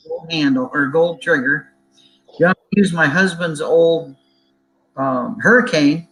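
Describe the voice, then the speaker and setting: A woman's voice: lowish voice, fairly bright tone, poor audio. A woman guest on a casual online talk show, teasing with dry humor.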